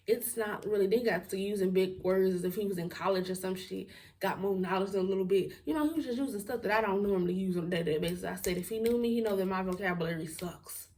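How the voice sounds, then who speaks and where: A woman's voice: mid-range voice, darkish tone, recorded from a distance. A young woman telling a storytime to her viewers in a casual, blunt, outspoken way, laughing and swearing as she goes. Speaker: storytime vlogger.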